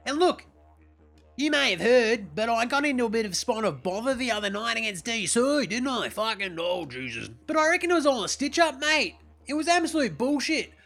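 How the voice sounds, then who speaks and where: An actor playing a brash, crude young Australian basketball player who rambles defensively and swears constantly, with an Australian accent. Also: male voice, extremely high pitch, big pitch swings, fairly quick, gravelly, fairly bright tone, full character voice. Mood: defensive rant. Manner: foul-mouthed, rambling, defensive. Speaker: comedy character. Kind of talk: comedic monologue.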